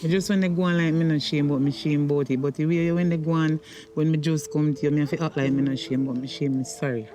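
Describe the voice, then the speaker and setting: A man's voice: fairly high pitch, fairly even intonation, quick pace, dark tone, close to an everyday voice. A man with a Jamaican accent, playing a middle-aged Jamaican mother in a comedy skit who scolds her son and later begs his pardon. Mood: apologetic. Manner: scolding, then apologetic.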